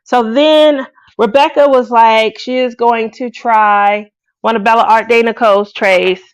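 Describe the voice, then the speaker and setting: A woman's voice: fairly high pitch, steady tone, measured pace, clean tone, no room sound. A woman hosting a craft video, chatting casually to her viewers and laughing often. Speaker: craft channel host.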